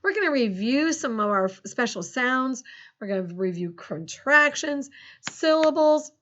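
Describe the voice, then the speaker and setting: Her voice sits high and sounds animated with a fairly bright tone as this middle-aged teacher leads young children through a recorded phonics lesson. She's upbeat and encouraging, spelling words out slowly, letter by letter. The recording is muffled with slight background noise.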